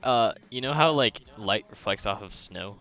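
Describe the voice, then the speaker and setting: A man playing a tabletop role-playing game, playful and quick to laugh. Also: on the low side, lively intonation, bright, forceful tone, dull audio, soft background music. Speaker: player. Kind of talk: casual tabletop role-play.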